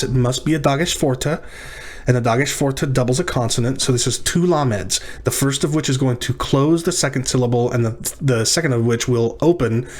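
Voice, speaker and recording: A man teaching a lecture on syllabification, working through words methodically and correcting himself as he goes. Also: medium pitch. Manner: methodical, self-correcting explanations.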